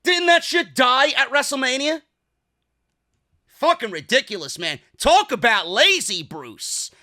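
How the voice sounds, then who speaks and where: A young man from New York hosts a wrestling review with sarcastic, profane, fired-up rants. His voice sits high for a man and has a bright, sharp edge. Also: big pitch swings, measured pace. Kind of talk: ranting video review.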